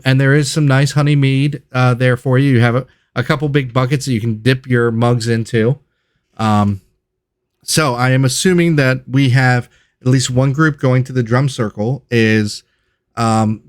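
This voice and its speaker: A man narrating as game master of a tabletop game, relaxed and loose with fillers. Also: mid-range voice, a little slow, clean tone.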